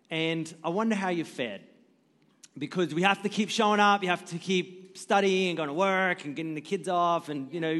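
A man's voice: fairly high pitch, a bit bright, long reverb tail. A man in his thirties preaching as a guest pastor, joking and self-deprecating as he tells stories about his family. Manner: jokey, self-deprecating storyteller. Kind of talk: sermon. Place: church stage.

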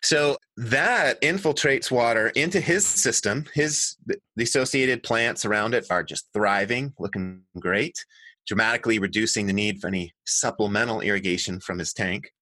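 A middle-aged man, an author and designer, telling stories as an interview guest in an earnest, animated way that often corrects itself mid-sentence. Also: lowish voice, normal speed, no echo. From United States. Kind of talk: conversational storytelling.

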